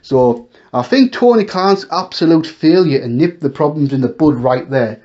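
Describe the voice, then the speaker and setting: A man's voice: a little high, lively intonation, normal speed, a little mellow. A man hosting a wrestling talk show, ranting in exasperation and firing off rhetorical questions. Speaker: wrestling commentary host. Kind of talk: casual opinion talk. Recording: dull lo-fi recording.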